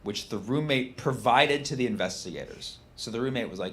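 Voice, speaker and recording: A man doing a stand-up comedy routine, mocking text messages, switching between a flat deadpan read and loud, excited punchlines. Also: mid-range voice, moderate pace, few pauses, a little hiss or hum. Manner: animated, mocking, reads texts aloud in flat deadpan, shouts punchlines.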